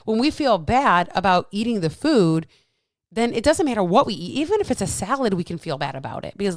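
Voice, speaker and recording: A woman's voice: mid-range voice, sing-song, a little fast, no room sound, clean studio sound. A woman, a fitness coach hosting a solo podcast, talking bluntly with lots of swearing and emphatic repeats. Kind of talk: casual solo podcast talk.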